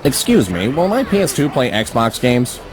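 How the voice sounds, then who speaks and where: An actor playing a confused male customer at a game store who pleads and then grows loud and indignant. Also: medium pitch, sing-song, normal speed, close to an everyday voice. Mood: pleading. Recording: clear music behind the dialogue.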